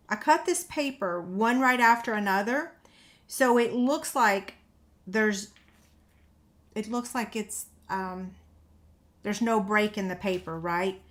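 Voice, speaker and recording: While working on a paper-craft tutorial, this woman talks casually to viewers and makes self-deprecating remarks. Her voice is a little high and somewhat bright, and she sounds slightly sniffly.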